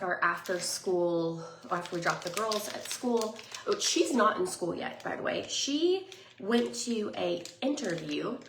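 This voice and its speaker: Chatty woman vlogger with a gravelly edge. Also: on the low side. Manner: bubbly, rambling, lots of "like" and "um", drops to soft whispers. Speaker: lifestyle vlogger. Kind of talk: casual chatty vlog. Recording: echoey room, faint noise.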